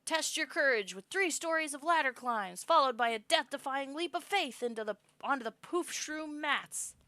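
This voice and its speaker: A woman's voice: high-pitched, expressive, moderate pace, pushed and bright, dry recording, pitched above the performer's own voice. A woman voicing a showy young man who announces a stunt with theatrical flourish.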